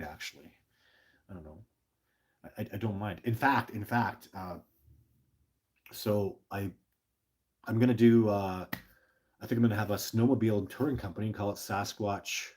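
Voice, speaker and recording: A middle-aged man with a low, husky voice chats casually on a livestream. He rambles with earnest passion, stammers and restarts his sentences, and reads viewer questions aloud. He sounds short on sleep. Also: darkish tone. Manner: passionate and emotional. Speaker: livestream host.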